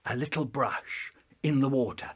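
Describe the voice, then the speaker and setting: A man telling a comic childhood story in an animated, playful way, with stuttered sound effects. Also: medium pitch, normal speed, a little hiss or hum.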